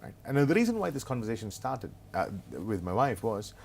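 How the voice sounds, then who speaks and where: Brief: middle-aged man, lowish voice, animated storyteller, playful and self-deprecating, interview guest. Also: fairly quick, gravelly, breathy edge. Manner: animated, humorous anecdotes, self-mocking asides. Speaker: business consultant and author as guest.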